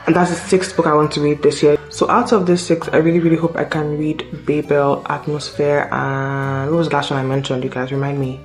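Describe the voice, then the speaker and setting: A woman's voice: low voice, flat delivery, a little fast, hardly any pauses, soft background music. A woman in her twenties from Nigeria, chatting casually and self-mockingly about books on her vlog, easily sidetracked. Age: 20s. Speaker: booktuber.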